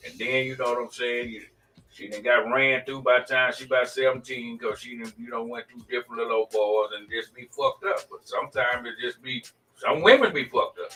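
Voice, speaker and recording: A man in his forties holds forth in blunt, slang-filled talk. His voice is bright and edged, picked up a little away from the mic. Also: medium pitch, brisk, distant mic, poor audio. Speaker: podcast co-host. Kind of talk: casual group chat.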